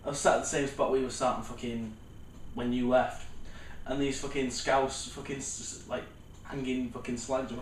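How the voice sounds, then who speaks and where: A man's voice: medium pitch, flat delivery, normal speed. A man hosting a podcast, telling stories in a rambling, sweary casual chat. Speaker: podcast host. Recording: roomy room, distant mic, faint noise.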